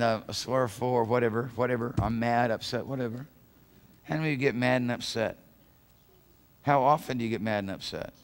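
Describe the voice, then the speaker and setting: A man preaching a sermon as pastor of a church, fervent, swinging from hushed passages to shouted calls. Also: medium pitch. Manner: acts out quoted voices of God. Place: church sanctuary.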